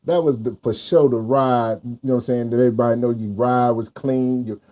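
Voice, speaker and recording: Guy hosting the interview, mellow voice, laid back, lots of "yes, sir". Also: medium pitch, fairly even intonation, fairly quick. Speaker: host. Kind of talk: casual interview chat.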